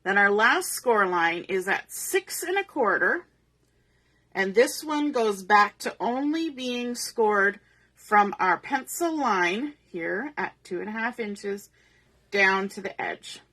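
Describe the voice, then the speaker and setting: A woman teaches a papercraft tutorial patiently and methodically, talking through each step and explaining every measurement as she works. Her mid-range voice is expressive with a sharp tone, and she takes things slowly.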